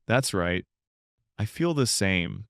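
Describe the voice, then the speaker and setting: A man co-hosting an English-learning podcast, calmly explaining simple words in a scripted dialogue. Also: deep voice, slow pace, gravelly, clear, resonant tone, no echo, studio quality. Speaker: podcast co-host.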